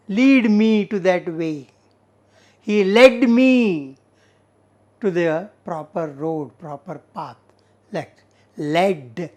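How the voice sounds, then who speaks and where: Slow-talking Indian English woman teacher. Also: mid-range voice. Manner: slow, repetitive explaining with frequent fillers. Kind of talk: recorded classroom lesson.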